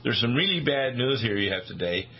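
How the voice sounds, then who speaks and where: A man's voice: mid-range voice, expressive, fairly quick, slightly rough. A man hosting a radio talk show, emphatic and preachy in his asides. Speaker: radio host. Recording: dull lo-fi radio audio with faint hiss.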